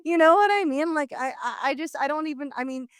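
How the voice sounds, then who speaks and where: A woman hosting a podcast in casual chat, animated and wry, full of "like" and "you know what I mean". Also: high voice, quick pace, no room sound, studio quality. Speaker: podcast host.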